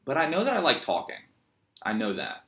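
A man's voice: mid-range voice, huge pitch swings, a little fast, a bit bright. A man from Virginia with a Virginian accent, a yoga teacher telling a rambling, joking story in a casual monologue. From Virginia, USA. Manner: joking, meandering, self-mocking storyteller.

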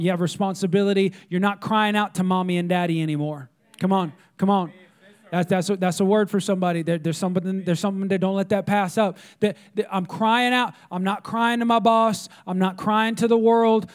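High-voiced preaching man. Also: a little mellow. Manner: emphatic preaching with repetitions and call-outs. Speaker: pastor. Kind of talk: sermon.

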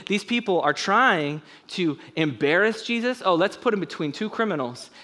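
A male pastor preaching a sermon and leading prayer in a conversational, animated way, with joking asides to the congregation. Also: a little high.

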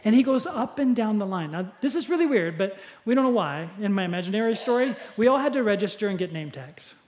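Male pastor, lively sermon storyteller, swings between loud and soft. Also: sits high, fast talker. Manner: animated, dramatic shifts in loudness.

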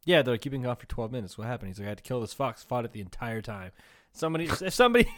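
A man's voice: mid-range voice, big pitch swings, quick pace, bright, forceful tone. Laughing, profane young man telling stories. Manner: profane, laughing storyteller, acts out quotes. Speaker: podcast co-host. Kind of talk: casual comedy podcast chat.

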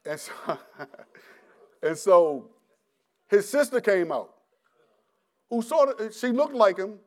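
A middle-aged male preacher tells his own story in a slightly high voice. He is animated and halting, restarting and repeating words as he goes. He acts out his past self and breaks into laughter. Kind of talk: personal testimony sermon.

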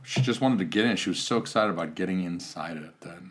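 Low-voiced male podcast host, dry and grumbly, casual swearing. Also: quick pace, breathy edge. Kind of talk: casual chat.

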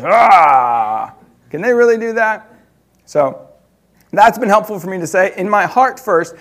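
A man preaching, telling a personal story in an animated way with laughter between loud and hushed moments. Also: a little high.

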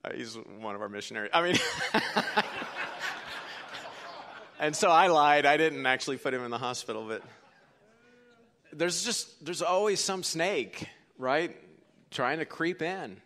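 A middle-aged man preaching a sermon as pastor, telling stories and swinging from hushed to forceful. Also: fairly high pitch, lively intonation, unhurried, pauses often. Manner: storytelling, quoting others, swings from hushed to forceful.

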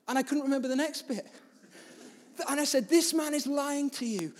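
A man preaching as a pastor, telling a story in a sermon with big swings between loud and soft. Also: high voice, animated, brisk, in a large hall.

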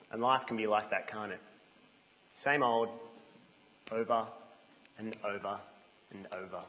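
A man preaching a sermon in a church, telling stories in an animated way and dropping to a hush. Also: medium pitch. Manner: animated storytelling, drops to a hush. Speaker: guest preacher. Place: church, indoors. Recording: reverberant, muffled church hall.

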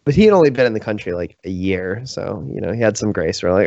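A man's voice: fairly low pitch, animated, quick pace, creaky, hardly any pauses, dark tone, dry recording, dull audio. An American man chatting casually on a podcast, telling stories with a self-deprecating touch and plenty of fillers. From United States.

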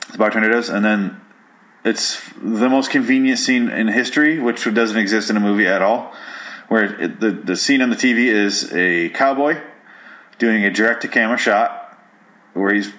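A man's voice: lowish voice, moderate pace, fairly bright tone. A man giving a rambling, profane, sarcastic recap of a movie, now and then putting on silly voices for its characters. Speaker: film recap commentator. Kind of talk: casual solo movie recap.

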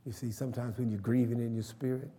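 A man's voice: mid-range voice, flat delivery, quick pace, mellow, breathy edge, long reverb tail. A man preaching a sermon, emphatic and calling for responses from the congregation. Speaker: pastor.

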